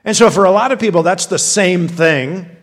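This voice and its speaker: Pastor guy giving a sermon, kinda high voice, talks right to the crowd, stumbles and repeats himself a lot. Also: moderate pace. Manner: conversational, frequent word repeats and restarts; addresses the congregation directly.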